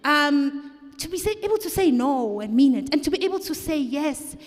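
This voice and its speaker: A woman's voice: sits high, animated, normal speed, in a large hall. A woman speaking candidly and self-deprecatingly at a book launch, often repeating her phrases. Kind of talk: candid personal reflection. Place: live event hall.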